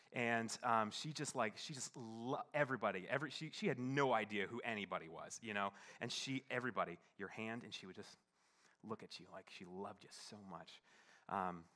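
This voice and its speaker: A young adult man, a pastor, telling a personal story in a sermon, halting and full of fillers, turning hushed as it grows tender. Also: mid-range voice. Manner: halting, many fillers, shifts from playful to hushed and tearful.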